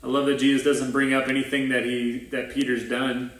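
A man's voice: medium pitch, little pitch movement, fairly quick, fairly bright tone. A man preaching a sermon at a church service in a conversational, casual way, acting out the lines of the people in his story. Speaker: pastor. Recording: roomy echo, voice from a distance.

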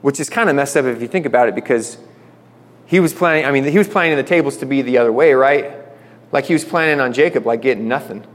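A man casually teaching a Bible passage, reading verses aloud and then paraphrasing them in relaxed everyday slang. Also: mid-range voice, fast, big-room sound.

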